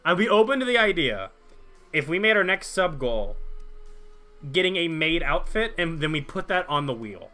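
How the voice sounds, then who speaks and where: A man's voice: on the high side, very animated, normal speed, bright, forceful tone, faint music behind. A young man streaming a game, chatting casually and jokingly with his viewers while reading their chat aloud.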